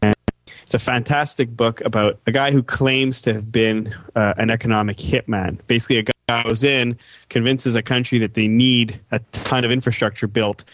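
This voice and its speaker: A man's voice: medium pitch, fairly even intonation, moderate pace, fairly bright tone, no echo. A man co-hosting a casual podcast chat, rambling and often repeating words as he talks. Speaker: podcast co-host.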